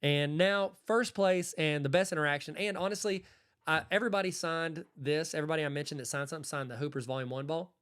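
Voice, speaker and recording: Fast-talking man telling stories. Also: on the high side, clean tone. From Arkansas. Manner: animated, acts out quoted exchanges. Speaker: podcast host. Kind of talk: casual storytelling.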